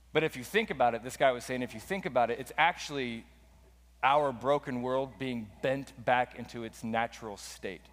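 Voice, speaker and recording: A male pastor delivers a passionate sermon in a medium-pitched voice. His delivery surges upward in pitch and volume whenever he drives a point home. The recording carries the long reverb of a large sanctuary. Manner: impassioned preaching with dramatic pitch swings. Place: church sanctuary.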